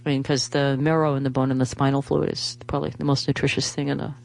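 A woman's voice: a bass voice, flat delivery, fast, gravelly, darkish tone. Rambling chatty woman radio host. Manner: rambling, many fillers and restarts, chatty. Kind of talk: casual radio monologue with pledge appeal.

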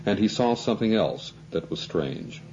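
A man reading a novel aloud as scripted narration, in a measured way. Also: lowish voice, animated, a little mellow, highs cut off, slight background noise. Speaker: audiobook narrator.

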